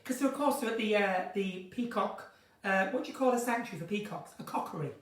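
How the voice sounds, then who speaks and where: A woman's voice: mid-range voice, fast talker. A woman hosting an unscripted live chat, giggly and rambling from one topic to the next. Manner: giggly, chatty, drifts between topics. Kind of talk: chatty unscripted live stream. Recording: echoey room, somewhat far from mic.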